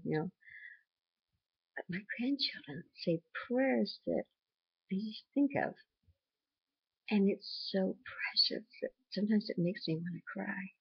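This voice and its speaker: Older grandma chatting on her vlog, raspy fry in the voice, dry close sound. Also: lowish voice, animated, measured pace, no room sound, lo-fi sound. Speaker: vlogger and grandmother. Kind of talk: casual vlog talk.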